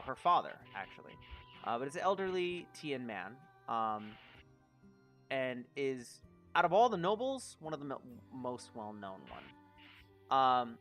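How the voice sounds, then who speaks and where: Bright-voiced man running a tabletop game. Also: medium pitch. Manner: hesitant narration with frequent ums. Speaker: game master.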